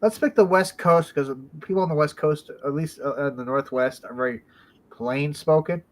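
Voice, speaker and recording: A man's voice: on the high side, moderate pace. A man in casual chat who drops quips and quoted lines.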